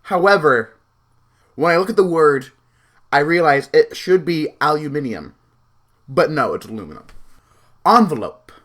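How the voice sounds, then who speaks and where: A man's voice: a little high, lively intonation, normal speed, fairly bright tone. A young man with a Pacific Northwest American accent, chatting casually in a vlog and reading out a word list. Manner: chatty, rambling with fillers. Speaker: vlogger.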